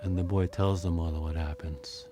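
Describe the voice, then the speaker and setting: A deep-voiced teacher and storyteller with a Hawaiian Pidgin accent recounts a legend dramatically at a moderate pace, his intonation fairly even. He leans on emphatic repetition, with instrumental music and a noisy background behind this oral storytelling.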